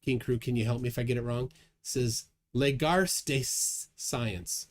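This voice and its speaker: A man's voice: mid-range voice, moderate pace. A man hosting a casual livestream, chatting and reading viewer comments aloud with a chuckle. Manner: lively, chuckling, reads chat aloud. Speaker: livestream host.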